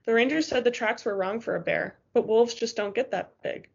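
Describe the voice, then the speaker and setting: A woman's voice: on the high side, normal speed, gravelly, husky, highs cut off. A woman reading aloud and voicing a worried, stern middle-aged father who is a police chief, asking blunt questions.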